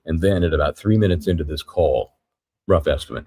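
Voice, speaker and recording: A man giving a live courtroom recap as a trial reporter, retelling events in a halting, methodical way. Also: a bass voice, darkish tone, husky.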